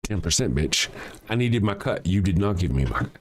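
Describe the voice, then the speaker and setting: A man voicing a crude, greedy male avenging angel in a gruff, profane, mocking tone, lower than his own speech. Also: big pitch swings, normal speed, slight background noise. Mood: menacing.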